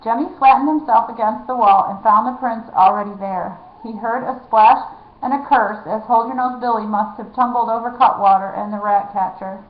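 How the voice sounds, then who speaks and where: A woman reading a children's novel aloud, lively and dropping to a hush in tense moments. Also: on the high side, normal speed. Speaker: reader. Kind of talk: storybook reading. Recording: echoey, dull lo-fi room.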